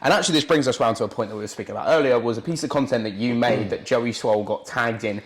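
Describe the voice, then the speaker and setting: Podcast co-host: young guy, rapid, mid-pitched, chatty. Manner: chatty, laughs often, quick asides. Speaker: online fitness coach, podcast co-host. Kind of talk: casual podcast chat.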